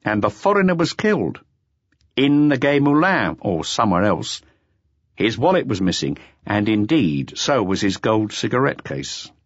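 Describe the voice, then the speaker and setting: A man's voice: fairly low pitch, very animated, normal speed, husky, no echo, pitched above the performer's own voice. A man voicing an impatient middle-aged police chief inspector, interrogating bluntly and at times coaxing like a father. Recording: slightly dull lo-fi audiobook recording.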